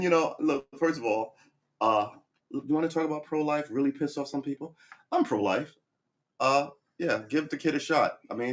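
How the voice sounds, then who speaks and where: A man hosting a livestream, talking through his opinions in a rambling, blunt way with frequent restarts and swearing. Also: fairly low pitch. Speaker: livestream host. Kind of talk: casual opinion monologue.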